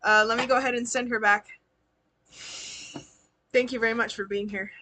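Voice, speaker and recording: Bright-voiced chatty woman, quick to laugh. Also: on the high side, steady tone. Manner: chatty, laughs often, slangy and affectionate. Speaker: tarot reader and spiritual healer. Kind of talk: live-stream reading, casual chat.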